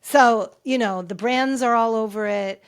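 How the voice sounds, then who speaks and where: A woman's voice: fairly high pitch, a little slow, smooth. A woman hosting a pop culture podcast, talking candidly and rambling through her thoughts with frequent restarts. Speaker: podcast host. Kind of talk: casual pop culture chat. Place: home filming set.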